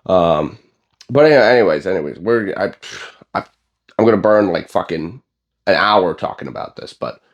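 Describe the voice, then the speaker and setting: A young man with a low voice gives a casual gym vlog rant. He is blunt and profane and wanders through fillers and restarts. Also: animated, normal speed, long pauses, lo-fi sound. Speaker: bodybuilding vlogger.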